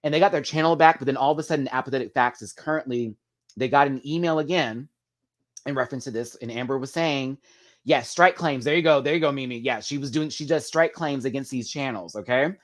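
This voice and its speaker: A man hosting a live chat, talking casually and gossipily to viewers, calling them "girl" and "y'all", with big sudden swings in pitch and loudness. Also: a little fast. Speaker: livestream host.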